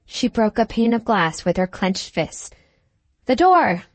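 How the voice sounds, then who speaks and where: A woman reading a classic novel aloud as an audiobook narrator, in a measured, dramatic manner. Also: medium pitch, no echo. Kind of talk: scripted narration.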